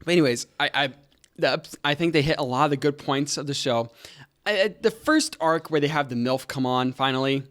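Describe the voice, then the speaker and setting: A man's voice: on the high side, a little fast, fairly bright tone. A young man co-hosting a podcast in casual chat, rambling and joking and losing his train of thought. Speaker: podcast co-host.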